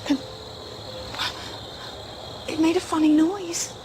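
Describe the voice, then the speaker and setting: Scared woman whispering to ghosts in the woods at night, voice swings high and low. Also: very animated, normal speed, pauses often, heavy background noise. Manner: nervous, jumpy, whispering often, with bursts of nervous humour. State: frightened. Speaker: paranormal investigator presenter. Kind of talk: solo night vigil calling out to spirits.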